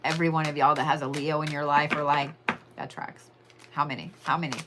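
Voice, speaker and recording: A woman's voice: sits low, little pitch movement, quick pace, noisy background. A woman giving a casual weekly horoscope and tarot reading in a chatty, profane way, stretching words for emphasis. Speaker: tarot and astrology reader.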